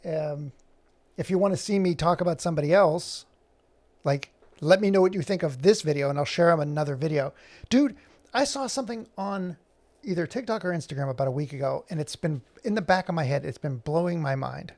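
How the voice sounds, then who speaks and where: A gravelly-voiced man talks casually while he works, rambling with plenty of fillers. His voice sits a bit above the usual male range. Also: on the high side, fairly quick, a little mellow. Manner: rambling, chatty, many fillers. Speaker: animator and vlogger. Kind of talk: casual chat while working.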